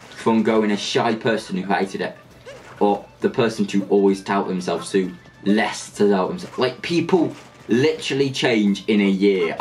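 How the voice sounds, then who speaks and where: Young guy rambling over his game, lowish voice, trips over his words a lot, game music underneath. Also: darkish tone. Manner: rambling, chatty, with frequent restarts and jokey asides. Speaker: gaming channel host. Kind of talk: casual let's play commentary.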